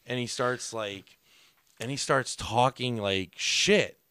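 A male comedian spins a story in loose, swearing podcast chat. The sound is dry and close, with no room echo, and his voice sits at a mid pitch. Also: slow, smooth. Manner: profane, animated storyteller.

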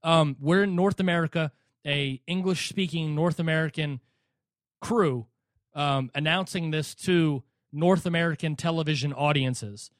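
A man co-hosting a casual boxing podcast, animated and quick to laugh as he mocks how names get pronounced. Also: a little high, dry recording, clean studio sound. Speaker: podcast co-host.

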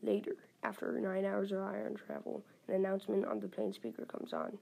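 A woman reading a war adventure story aloud, halting and correcting herself as she goes. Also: medium pitch, little pitch movement, vocal fry, warm tone, slightly rough. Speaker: story reader.

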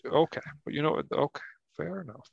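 A man's voice: fairly high pitch, lively intonation, brisk, gravelly, husky, no echo, phone-quality sound. A man co-hosting an improvised comedy podcast who stammers, restarts lines and sounds incredulous. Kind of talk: improvised comedy sketch banter.

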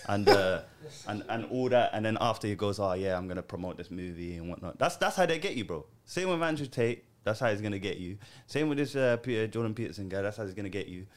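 A man co-hosting a casual podcast chat, laid-back, laughing easily and using casual slang. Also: lowish voice.

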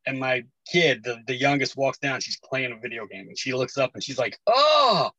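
A man in his forties, a podcast guest, telling animated stories in casual chat, acting out voices and laughing often. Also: mid-range voice, fairly quick, no room sound, muffled recording. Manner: animated storyteller, acts out quotes, laughs often.

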